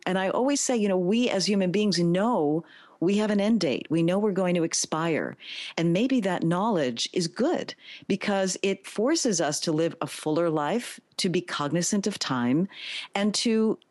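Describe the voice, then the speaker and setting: A middle-aged woman from the Bronx, a radio host answering interview questions in a smooth, soothing, upbeat broadcaster manner. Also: on the low side, expressive, unhurried, a little mellow, no room sound, clean studio sound. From New York (the Bronx).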